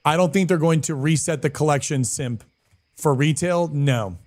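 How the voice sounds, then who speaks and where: A man live-streaming a game, chatting casually with viewers in a slangy, animated way and answering chat messages. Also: on the high side, normal speed. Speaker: streamer and guild leader.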